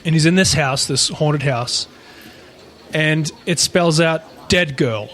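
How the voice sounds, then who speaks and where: A man with a fairly high speaking voice tells a creepy story to his co-host. He rambles, restarts and swears freely in a loose, chatty way. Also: slow, fairly bright tone, a little hiss or hum. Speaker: podcast co-host. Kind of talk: casual storytelling chat.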